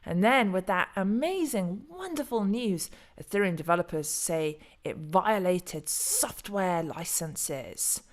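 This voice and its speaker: A woman's voice: lowish voice, lively intonation, slow pace, hardly any pauses. A middle-aged woman hosting a casual solo commentary video, chatty and rambling, often stumbling over names and restarting. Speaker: crypto video host.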